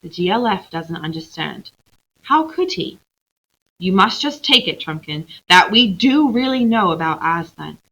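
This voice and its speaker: A calm, firm older boy who speaks as the leader, as a woman reads him aloud. The voice is close to the reader's own, bright and animated. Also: on the low side, unhurried, husky, highs cut off, exaggerated voice.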